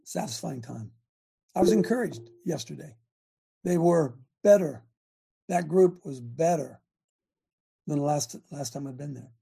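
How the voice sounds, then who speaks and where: A man's voice: a little high, animated, measured pace, gravelly, long pauses, mellow, slightly rough. An older man hosting a Christian talk show, preachy and emphatic, often repeating words and restarting sentences. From United States.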